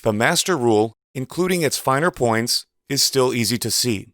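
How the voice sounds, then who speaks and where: A man giving a measured, precise instructional voice-over as a teacher. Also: medium pitch, expressive, fairly bright tone, dry recording, clean studio sound. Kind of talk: scripted instructional narration.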